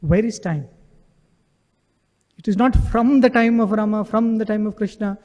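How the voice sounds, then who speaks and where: Devotional speaker, male, high voice, earnest storyteller, recorded in a reverberant hall. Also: moderate pace, a little mellow. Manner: earnest storytelling, frequent rhetorical "right?". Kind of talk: devotional talk. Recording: echoey hall with long reverb.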